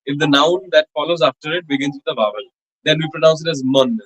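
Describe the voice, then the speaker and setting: A man teaching a French grammar lesson in a college classroom, explaining slowly with many fillers and repeated examples. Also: on the high side, fairly even intonation, a bit bright, low-quality recording. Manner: repetitive, many fillers and restarts, slow spelled-out examples. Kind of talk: classroom lecture.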